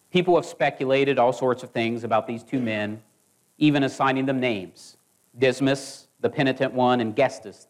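A man preaching a sermon in a measured, earnest way, now and then restarting a phrase. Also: mid-range voice.

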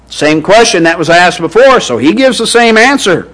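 A man's voice: high-pitched, animated, normal speed, few pauses, a bit bright, rough recording. A man preaching a sermon to his congregation with an earnest, rising and falling delivery.

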